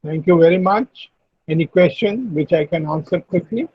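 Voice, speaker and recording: A man with an Indian English accent explaining word stress in an online class, working methodically through each example and often clearing his throat. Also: a little high, moderate pace, no echo. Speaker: English teacher. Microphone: video call. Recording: dull lo-fi video call audio.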